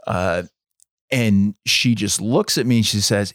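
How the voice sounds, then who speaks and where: A man co-hosting a podcast, telling a story in a measured, dramatic way. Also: fairly low pitch, dry recording, clean studio sound. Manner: measured, dramatic storytelling, acts out quoted voices. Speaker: podcast co-host. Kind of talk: storytelling in casual chat.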